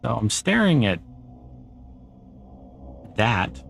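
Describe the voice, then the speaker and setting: A man's voice: mid-range voice, big pitch swings, extremely slow, gravelly, fairly bright tone, soft background music. A middle-aged man streaming a game, chatting casually and answering viewer comments as he plays. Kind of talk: casual gameplay chat.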